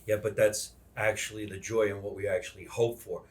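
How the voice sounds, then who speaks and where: A man's voice: fairly low pitch, fairly even intonation, a little fast. A man hosting a podcast, easygoing in casual chat, who laughs often and explains at length. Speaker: podcast host. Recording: distant mic.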